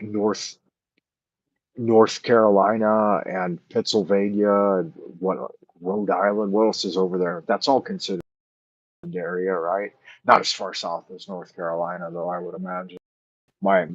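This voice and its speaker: A man with a low, husky voice rambles through a casual late-night chat, thinking aloud and filling pauses with "uh" as he answers viewers. The sound is dry and dull, with a muffled lo-fi edge. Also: flat delivery, dry recording. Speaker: livestream host answering chat.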